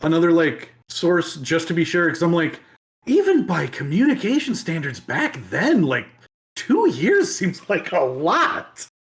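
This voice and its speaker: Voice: mid-range voice, big pitch swings, unhurried. A podcast host casually retelling history, chatty and digressive with many asides.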